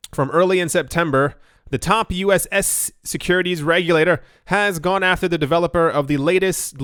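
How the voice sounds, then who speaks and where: Male host for casual news commentary; talkative, self-deprecating, fairly high and smooth. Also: a bit bright, dry recording, studio quality. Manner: chatty, rambling asides and self-deprecating jokes.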